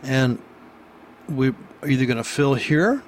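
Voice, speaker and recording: A man's voice: medium pitch, expressive, unhurried, slight background noise. Blunt, rambling man talking about trading. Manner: blunt, rambling, swears freely, asks rhetorical "right?". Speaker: trading educator. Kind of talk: casual unscripted trading commentary.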